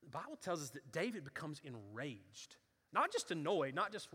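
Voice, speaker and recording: A man's voice: a little high, big pitch swings, moderate pace, bright, forceful tone, husky. A man preaching a sermon, telling the story with acted-out voices and building to fervent intensity. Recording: reverberant hall.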